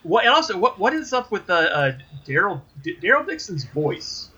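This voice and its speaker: High, bright-voiced swearing podcast host. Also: male voice, normal speed, highs cut off. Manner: animated, swearing, stammering restarts. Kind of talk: casual podcast chat.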